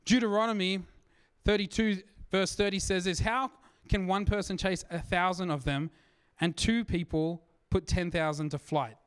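A man's voice: high voice, steady tone, moderate pace, clear, resonant tone. A male pastor preaching a sermon to his church in an earnest, emphatic way.

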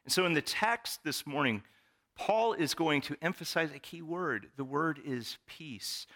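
A man delivers a sermon as a church pastor. He tells stories and reads scripture in an animated way, and his voice has a bright, forward edge. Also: medium pitch. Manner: animated, storytelling preacher.

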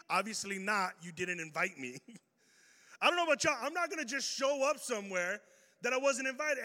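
A man preaching an energetic sermon, telling a story and swinging between loud bursts and hushed lines. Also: very high voice, normal speed. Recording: reverberant hall.

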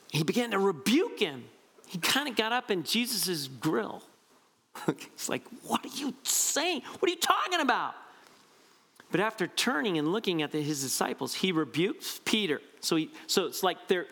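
A man preaching a conversational, animated sermon, often asking "right?" to his listeners. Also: a little high. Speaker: pastor.

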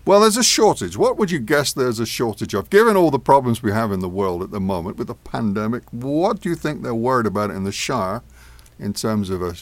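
Homme à la voix sèche et vivante. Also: male voice, mid-range voice, lively intonation, fairly quick, no room sound. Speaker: co-host. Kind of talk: casual news chat.

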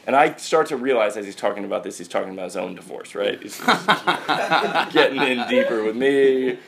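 A man's voice: mid-range voice, normal speed, vocal fry, crowd noise. A man hosting a podcast, telling a wry, profane, rambling story in casual chat. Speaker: podcast host.

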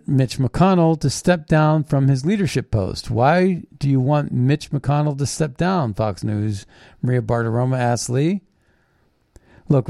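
A man's voice: mid-range voice, dark tone, no room sound, clean studio sound. A man hosting a political commentary show, reading news items and reacting in a blunt, scornful, combative way. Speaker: host.

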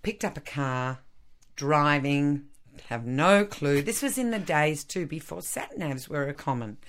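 A woman in her fifties with an Australian accent, an actress telling lively stories in a radio interview, laughing often. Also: deep voice, unhurried, slight background noise. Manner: animated, laughs often, acts out quotes. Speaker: actress, guest.

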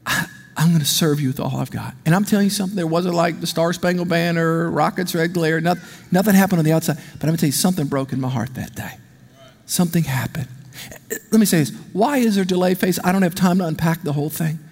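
A male pastor delivers an animated, conversational sermon and keeps calling out for the congregation to answer him. His voice sits high. The long reverb of a large church hall hangs on every line. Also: quick pace.

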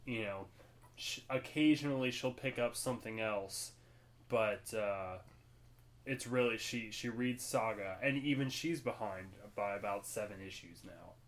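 A man's voice: fairly low pitch, unhurried. Chill young guy cohosting a podcast, rambly and loose, laughs a lot. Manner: relaxed, rambling, laughs often. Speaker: podcast co-host. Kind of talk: casual chat.

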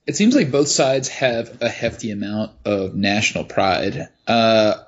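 A man's voice: on the low side, lively intonation, a little slow. Dry, wry male podcast co-host. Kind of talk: casual chat. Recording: dull lo-fi sound.

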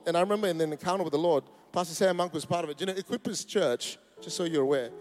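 A man's voice: on the high side, a little mellow. A man, preaching a sermon in a church, emphatic and rousing with joking asides. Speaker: pastor. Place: church auditorium.

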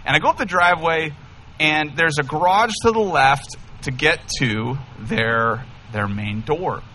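Upbeat joking pastor guy, bright punchy voice, slightly raised pitch. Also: unhurried, slight background noise. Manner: enthusiastic, humorous, animated. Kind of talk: casual storytelling sermon. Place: church sanctuary.

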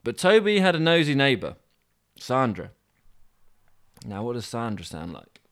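A man narrating a comic story with dry, deadpan asides. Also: mid-range voice, unhurried, smooth. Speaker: podcast host and storyteller.

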